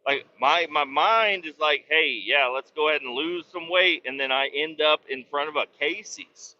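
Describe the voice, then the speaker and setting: This truck driver and podcast host speaks in a fairly high, sharp voice at normal speed with hardly any pauses, a little wheezy as he rambles through a profane, self-deprecating story. The audio is slightly dull and lo-fi, with some hiss or hum.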